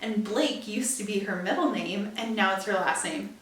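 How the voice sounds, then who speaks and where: A young woman podcast host telling a story in a chatty, animated way, with emphatic asides. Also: mid-range voice, moderate pace, few pauses. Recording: echoey room, distant from mic.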